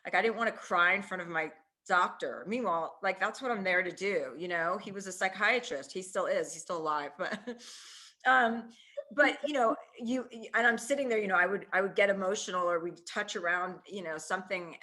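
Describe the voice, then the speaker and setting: A woman's voice: on the low side, bright, forceful tone. A woman in her forties, a comedian guest, talking candidly in a casual interview, full of "you know" and "like" as she thinks aloud. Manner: candid, fast-moving, heavy use of fillers like "you know". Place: remote, on a call from a ski trip.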